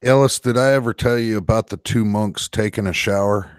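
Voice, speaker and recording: A man telling a long joke in casual chat, getting more animated as he reaches the punchline. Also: lowish voice, fairly quick, clean tone, no room sound, studio quality. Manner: animated storyteller, rising excitedly at punchlines. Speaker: co-host telling jokes.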